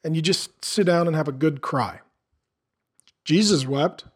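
A man's voice: fairly high pitch, unhurried, slightly rough. A middle-aged man preaching a sermon in an earnest, conversational way, asking the listeners questions. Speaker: pastor.

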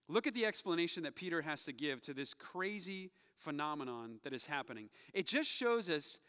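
A man's voice: on the high side, bright, forceful tone, big-room sound. A male pastor preaching a sermon in a church, telling the story with animation and acting out quoted voices. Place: church sanctuary.

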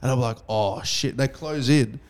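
A young man hosting a casual podcast, telling a story fast, swearing freely, and acting out each person's lines. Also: mid-range voice. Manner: fast, swearing, acts out dialogue.

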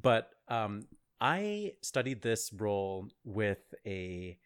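A man's voice: lowish voice, very animated, slow, clean tone. A man co-hosting a podcast, chatting casually about opera with many fillers and easy laughs. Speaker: podcast co-host.

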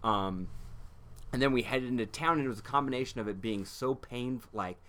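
Bright-voiced man telling an emotional race story. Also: medium pitch, a little fast. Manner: emotional storytelling, acts out his own past outbursts. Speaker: guest, ultrarunner in a film. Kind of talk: casual podcast chat.

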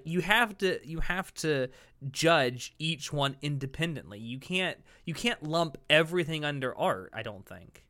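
A man's voice: on the high side, bright, forceful tone. A young man co-hosting a podcast, earnest and hedging, often restarting to rephrase his point. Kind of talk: casual debate chat.

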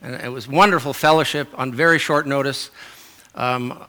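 A middle-aged man delivers a sermon in a loose, conversational way, often pausing on fillers and restarting his sentences. His voice is bright, and his pitch sits in an ordinary middle range. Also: steady tone. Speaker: preacher.

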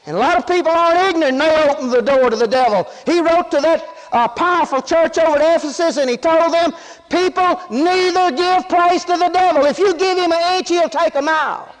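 A man preaching a sermon in a very high voice for a man, folksy and emphatic. He keeps asking the congregation whether they follow him. The sound carries a long reverb, as in a large hall. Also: fairly quick.

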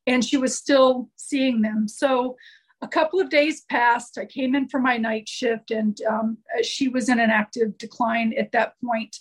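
A woman with a high voice recounts her experiences as a nurse in an earnest, heartfelt way. She talks conversationally and often stops to restart a sentence. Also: steady tone, unhurried, rough recording. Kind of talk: conversational storytelling.

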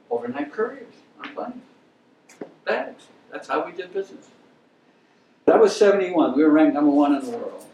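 An older man tells career stories to a lecture audience in a blunt, opinionated way. His voice sits a little high for a man. He sounds far from the mic in a roomy, echoing hall with faint background noise. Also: creaky, a little mellow. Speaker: guest lecturer. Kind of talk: lecture with anecdotes. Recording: echoey hall, speaker off-mic.

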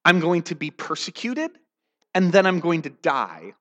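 A man voicing a calm teacher who plainly foretells his own suffering, in a sermon. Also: a little high, a little slow, long reverb tail, dull audio, heavily acted. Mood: matter-of-fact.

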